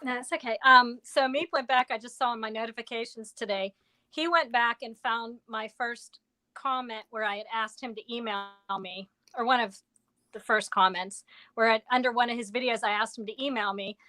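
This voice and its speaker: A woman's voice: fairly high pitch, fairly even intonation, moderate pace, sharp tone, no echo. A woman co-hosting a livestream, chatty and giggly. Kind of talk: casual chat.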